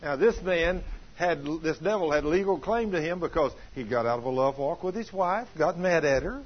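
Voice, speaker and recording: High-voiced, husky preacher. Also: male voice, animated, normal speed. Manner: folksy, rising to shouts, asks the congregation questions. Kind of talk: sermon with retold testimony. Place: church. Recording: dull lo-fi sermon recording.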